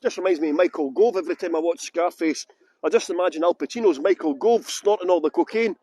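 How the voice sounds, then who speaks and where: A middle-aged tour guide livestreams outdoors in a busy city, holding his phone, joking, rambling and greeting viewers by name. His voice is high, fast and dark-toned with a breathy edge, in a dry recording.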